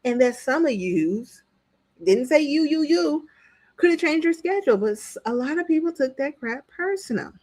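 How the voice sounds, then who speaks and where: A woman's voice: sits high, normal speed. Blunt, outspoken woman reviewer. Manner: outspoken and blunt, swears freely; animated, acts out what others said. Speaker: reality TV reviewer. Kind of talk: casual commentary.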